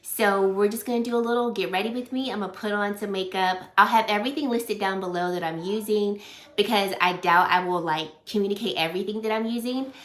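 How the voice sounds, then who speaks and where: Teary beauty vlogger woman, halting and emotional, chatty get ready with me, roomy echo. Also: medium pitch, a bit bright. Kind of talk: casual get-ready-with-me chat.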